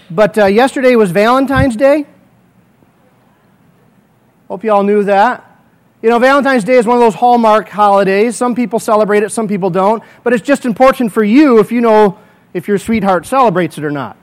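High-voiced guy pastor preaching in church, earnest prayers, playful what-if stories. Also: fairly quick. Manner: storytelling with vivid hypotheticals. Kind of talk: sermon.

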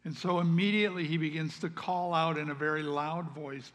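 A male pastor preaches a sermon in a church sanctuary, his voice sitting a little high for a man. He talks earnestly, swinging from loud calls to hushed asides. A long reverb from the hall hangs after his words. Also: fairly even intonation, fairly quick, few pauses.

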